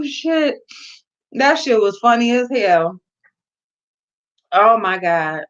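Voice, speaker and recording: A woman hosting a livestream, chatting casually with viewers, slangy and blunt, swearing and giggling through her words. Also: fairly high pitch. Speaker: livestream host. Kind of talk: casual chat with live viewers. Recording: dull lo-fi livestream audio.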